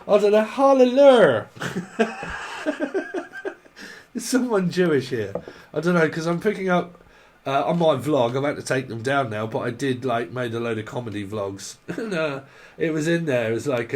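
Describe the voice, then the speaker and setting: Rambling jokey tarot reader. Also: male voice, mid-range voice, normal speed. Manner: rambling, jokey and irreverent, laughs often. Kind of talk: casual tarot reading vlog.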